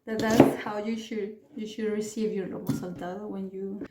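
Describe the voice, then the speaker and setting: A woman's voice: mid-range voice, flat delivery, normal speed, hardly any pauses, roomy sound, very noisy. A woman, chatting her way through a home cooking tutorial with rambling asides and restarts. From Peru. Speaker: home cook vlogger. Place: home kitchen.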